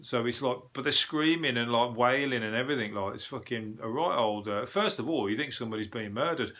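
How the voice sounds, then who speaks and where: A male comedian rambling through a news-review podcast with lots of swearing and frequent chuckles. His voice is bright and forceful, set at a mid pitch for a man. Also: fairly quick. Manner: profane, rambling, chuckles often. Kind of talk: casual comedic news monologue.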